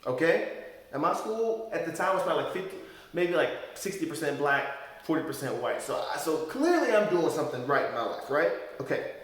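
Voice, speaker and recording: A young man tells a story straight to camera, lively and expressive, swinging his pitch up and down as he acts out the people he quotes. His voice sits a bit high for a man. It rings around a very echoey, reverberant room. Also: a little fast. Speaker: vlogger telling a personal story. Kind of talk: casual storytelling monologue.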